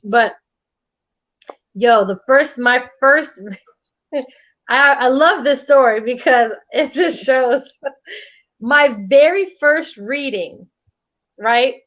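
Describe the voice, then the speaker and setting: Female live-stream co-host, high voice, casual storyteller, dull lo-fi sound. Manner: animated storytelling, laughs often, casual slang.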